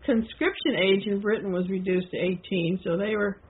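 Husky woman on a tinny phone line. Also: medium pitch, steady tone, normal speed. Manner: hesitant, with frequent fillers and restarts. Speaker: podcast co-host. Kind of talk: casual discussion of a historical text.

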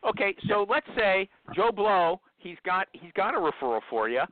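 A man's voice: high voice, big pitch swings, normal speed, dry recording. Male host, blunt interrupter, dry phone-quality recording. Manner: pushy, interrupting, probing questions. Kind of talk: casual talk show interview. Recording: dry, phone-like narrow sound.

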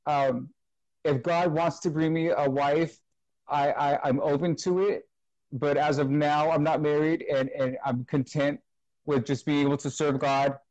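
A man's voice: a little high, steady tone, measured pace, a little mellow, no echo, muffled recording. A man, a guest minister in an interview, earnestly telling his personal testimony and retelling others' words at length. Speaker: guest, full-time minister.

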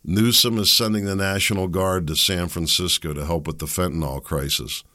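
A man's voice: low-pitched, fairly even intonation, normal speed, bright, forceful tone. A man hosting a solo commentary show, rambling and opinionated, with sardonic asides. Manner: rambling, opinionated, sardonic, with mocking put-on quotes. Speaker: podcast host.

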